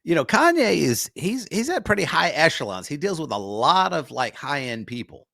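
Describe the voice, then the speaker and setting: A man's voice: a little high, sing-song, normal speed, creaky, pushed and bright, no echo, clean studio sound. A man co-hosting a comedy talk radio show, musing in a conversational way.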